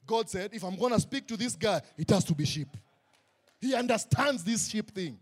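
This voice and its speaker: A man's voice: high voice, moderate pace. A man preaching a sermon in a church tent, joking and acting out the people he quotes. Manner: animated, joking, acts out quotes. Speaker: pastor.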